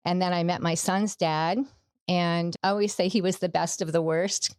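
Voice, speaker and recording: A middle-aged woman gives a personal testimony as a podcast guest, earnest and story-driven. Her voice sits a little low. The sound is dry and close. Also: steady tone, moderate pace, a little mellow, smooth, dry recording. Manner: earnest storytelling, acts out quoted dialogue.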